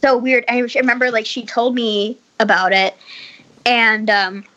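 A woman's voice: a little high, flat delivery, a little slow, pushed and bright, lo-fi sound. A woman telling a story in casual chat over a video call, rambling and full of likes and restarts. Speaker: podcast guest telling a story.

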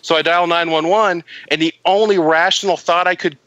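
A young man on a podcast telling a comic story, excitable and profane, with lots of "like". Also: on the high side, fairly quick, no echo, dull audio.

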